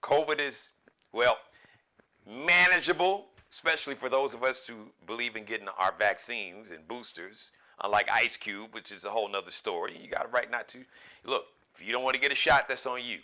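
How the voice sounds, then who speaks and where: A man hosting a live show, talking in a loose, joking, rambling monologue with sudden animated bursts. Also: medium pitch, normal speed. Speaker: show host.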